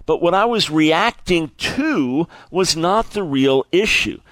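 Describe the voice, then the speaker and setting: A man preaching a sermon in an earnest, lively way, often repeating words and stumbling as he builds his point. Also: fairly high pitch, takes it slowly, no room sound.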